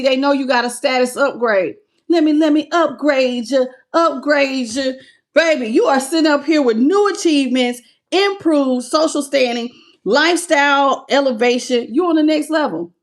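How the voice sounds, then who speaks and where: A woman giving a live tarot reading who greets viewers by name, calls them baby, and laughs often. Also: high voice. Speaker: tarot reader.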